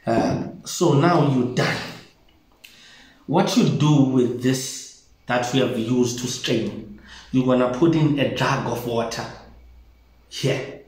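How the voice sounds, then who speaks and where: A man's voice: mid-range voice, darkish tone. A South African man, a traditional healer, demonstrating a home brewing process in a casual way and often repeating his phrases as he shows each step. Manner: repeats phrases while showing steps. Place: newly moved-into home. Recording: very echoey bare room.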